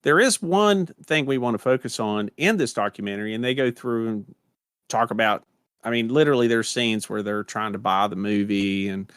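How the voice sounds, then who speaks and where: A man's voice: on the low side, moderate pace, a bit bright, clear, resonant tone, dry recording, studio quality. An American man co-hosting a podcast, chatting casually in a rambling, conversational way with plenty of fillers. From United States. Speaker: podcast co-host.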